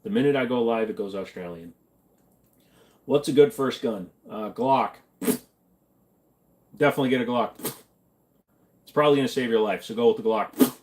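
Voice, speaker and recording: A man hosting a livestream who chats casually through viewer questions. His replies are dry and joking, at a middle pitch and an everyday pace. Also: moderate pace, long pauses, background noise. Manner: joking, deadpan, answers questions from chat. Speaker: livestream host. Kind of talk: casual livestream chat reading comments.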